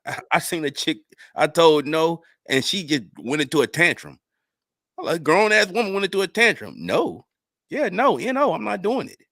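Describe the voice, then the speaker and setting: A man's voice: a little high, normal speed, no room sound, clean studio sound. A man, a guest in a casual chat, laughing as he tells stories and acting out other people's lines. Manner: laughing, lively storyteller who acts out others' lines.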